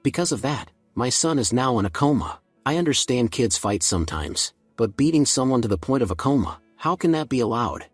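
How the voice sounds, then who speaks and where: A man voicing a greedy middle-aged mother who shouts accusations, in a comic recap. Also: mid-range voice, big pitch swings, brisk, hardly any pauses, breathy edge, no room sound, soft background music. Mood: angry.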